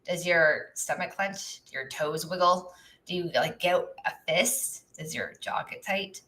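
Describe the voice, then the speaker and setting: A woman with a bright, forceful voice coaches her viewers through a live stream. She talks in a loose, conversational way, often tagging lines with "right?" or "okay?", and answers questions from the chat as they come in. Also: fairly low pitch, a little slow. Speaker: business coach.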